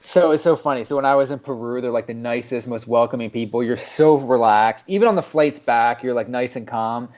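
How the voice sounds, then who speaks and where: Podcast co-host: male, mid-pitched, expressive, profane storyteller, lo-fi sound. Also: a little fast, hardly any pauses. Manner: animated storytelling, swears often, acts out people. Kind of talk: casual chat.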